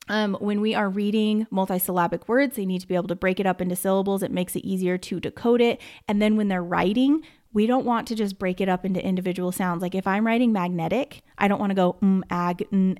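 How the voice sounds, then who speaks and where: A young adult American woman, a former teacher, explaining how children learn to read, often sounding out words slowly. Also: mid-range voice. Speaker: podcast host and former teacher. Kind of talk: explaining reading instruction.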